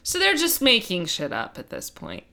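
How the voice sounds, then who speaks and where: A woman co-hosting a casual podcast, reacting quickly with frequent laughter. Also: medium pitch, wildly swooping pitch, vocal fry, sharp tone. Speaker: podcast co-host. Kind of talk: casual conversational banter.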